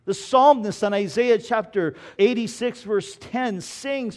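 A high-voiced man preaching, telling a story and often repeating words as he goes. He slows down to read scripture with weight and emphasis. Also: darkish tone. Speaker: pastor. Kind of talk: sermon with storytelling.

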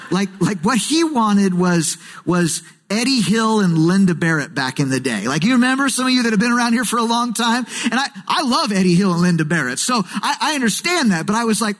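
Animated high-voiced pastor preaching. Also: male voice, fairly quick. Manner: animated, switching into quoted voices. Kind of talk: sermon. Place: church sanctuary.

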